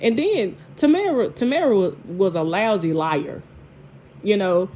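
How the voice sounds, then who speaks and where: A woman, casually recapping a TV drama episode, animated and laughing, with lots of repeats and restarts. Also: medium pitch, unhurried, slight background noise. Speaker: TV show reviewer.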